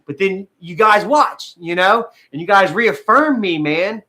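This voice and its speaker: Emotional male streamer, high bright voice, rambling and profane, on the edge of tears. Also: animated, measured pace. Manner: rambling, frequent fillers, heavy swearing. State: tearful at times. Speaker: vlogger talking to live viewers. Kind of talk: emotional casual livestream talk.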